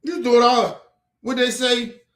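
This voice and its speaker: A man's voice: extremely high pitch, steady tone, slow, a bit bright, reverberant. A man ranting about politics on a stream, heated, profane and repetitive. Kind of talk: ranting commentary. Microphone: streaming mic.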